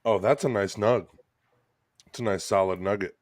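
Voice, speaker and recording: A man's voice: on the low side, normal speed, a crowd in the background. A middle-aged man from Michigan telling stories in a laid-back casual chat, swearing often and laughing along. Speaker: co-host.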